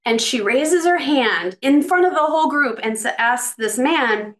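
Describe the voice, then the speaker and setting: A woman's voice: high voice, expressive, a little slow, hardly any pauses. A woman in her fifties, a career coach, chatting as a podcast guest and reflectively telling stories about her career over a video call. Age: 50s. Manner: reflective, storytelling, chatty with restarts. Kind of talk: casual podcast conversation.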